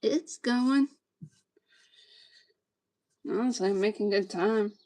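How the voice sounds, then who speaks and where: A woman from Georgia with a Southern accent, chatting casually to her stream about her woodworking in a relaxed, rambling, joking way. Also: medium pitch, slow. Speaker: streamer and vlogger. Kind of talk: casual chat while woodworking.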